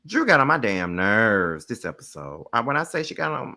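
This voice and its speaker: Low-voiced, lively woman ranting bluntly. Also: moderate pace, hardly any pauses, a little hiss or hum. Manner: blunt, profane and exasperated; emphatic, repeats her points. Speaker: reality TV reviewer. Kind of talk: casual live review rant.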